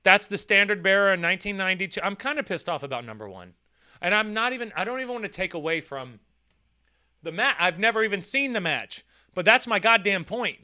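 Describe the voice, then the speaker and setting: A man's voice: sits high, a little fast, clear, resonant tone. A man ranting profanely in casual chat while reading a list and chat comments, mocking with put-on voices. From United States. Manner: animated, swears a lot, mocks with put-on voices. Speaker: streamer reacting to a list and chat.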